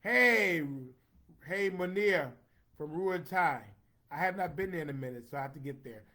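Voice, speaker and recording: A man's voice: high-pitched, normal speed, pushed and bright. Chatty man reading comments. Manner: chatty, playful, reads out names. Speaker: host reading viewer comments. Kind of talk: casual livestream chat.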